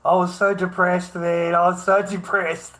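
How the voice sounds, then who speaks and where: An Australian man hosts a rambling livestream, chatting to viewers, swearing freely, laughing often and calling everyone mate. His voice sits high with a level, sharp tone at normal speed.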